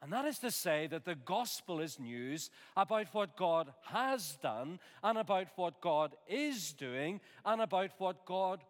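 Earnest preacher with a high-pitched voice. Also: male voice. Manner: earnest, measured preaching with homely asides. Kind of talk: sermon. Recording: long reverb of a large hall.

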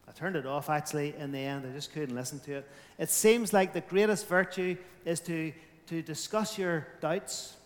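A man's voice: a little high, in a large hall. A man preaching a sermon, emphatic, his volume rising and falling.

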